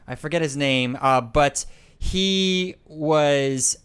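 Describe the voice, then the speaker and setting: A man chatting casually as a podcast co-host, relaxed and talking in bursts. His voice sits slightly high and sounds smooth and resonant. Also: slow. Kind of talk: casual chat.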